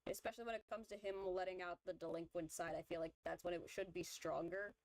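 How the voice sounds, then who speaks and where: A vtuber streamer chats casually while drawing, rambling through her opinions with lots of fillers and restarts. Her lowish voice is fast with fairly even intonation, and the rough recording has no echo.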